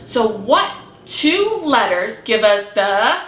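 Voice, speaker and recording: A woman teaching young children to read, speaking slowly and cheerfully with lots of praise. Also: fairly high pitch, big pitch swings, fairly bright tone, roomy sound. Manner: slow, exaggerated, encouraging teacher talk with praise. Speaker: preschool teacher. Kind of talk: early reading lesson for young children.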